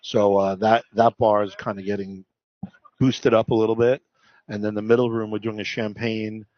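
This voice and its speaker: A male restaurant owner calmly explaining his dishes and drinks in a casual interview. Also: fairly low pitch, normal speed, dry recording, lo-fi sound. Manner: easygoing, explains dishes plainly.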